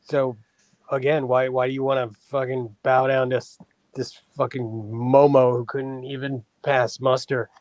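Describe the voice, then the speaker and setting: A man's voice: mid-range voice, little pitch movement, unhurried, a little mellow, dry recording. Male stream guest, heated and foul-mouthed, dry muffled call audio. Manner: blunt, heated, swears constantly. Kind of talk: casual profane chat.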